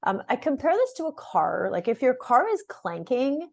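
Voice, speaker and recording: A woman's voice: high voice, sing-song, normal speed. A middle-aged woman fitness coach talking straight to her viewers about a program, in a chatty style. She repeats words and often checks in with "right?" and "okay?". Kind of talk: direct-to-camera program overview.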